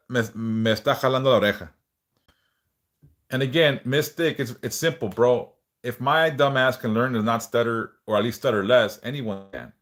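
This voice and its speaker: A man hosting a livestream, leading prayers and then chatting casually, swearing now and then and sometimes repeating words as he speaks. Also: mid-range voice. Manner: relaxed, swears casually, reads chat aloud; speaks of stuttering, some word repeats.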